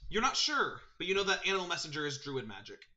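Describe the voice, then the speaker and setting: Bright-voiced male game master. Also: on the high side, reverberant, a little hiss or hum. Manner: quick, lively narration with voiced side characters. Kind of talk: narrating a tabletop game.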